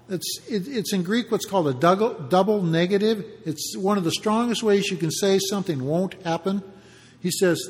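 A man preaching a sermon, explaining the passage in a conversational way with pauses and restarts. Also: sits high, big-room sound. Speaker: pastor.

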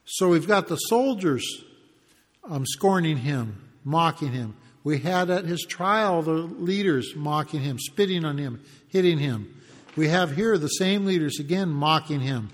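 High-voiced man preaching in a reverberant hall. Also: lively intonation, a little slow. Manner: conversational, acts out the mockers' taunts in asides. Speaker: pastor. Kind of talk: expository sermon.

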